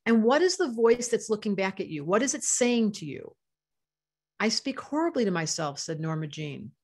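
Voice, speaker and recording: A woman's voice: medium pitch, very animated, normal speed. An older woman teaching astrology to a live online audience, passionate and emotional, reading out chat comments as she talks.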